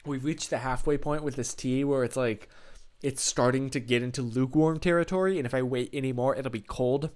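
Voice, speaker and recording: A young man with a medium-pitched, slightly mellow voice talks briskly while live-streaming from his room. He reads his live chat and chats casually, rambling, running himself down, and laughing frequently.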